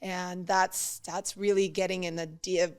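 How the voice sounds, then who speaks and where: A woman's voice: fairly low pitch, level tone, unhurried, clear, resonant tone. A woman who is an author, appearing as a podcast guest and speaking in an earnest, open way in casual chat. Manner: earnest, open, laughs while telling stories.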